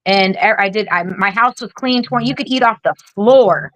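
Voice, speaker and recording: A woman in her forties, a military veteran and podcast guest, telling her story in a blunt, heavily profane, rapid-fire way. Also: mid-range voice, fairly bright tone, dry recording, low-quality recording. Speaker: guest, Air Force veteran.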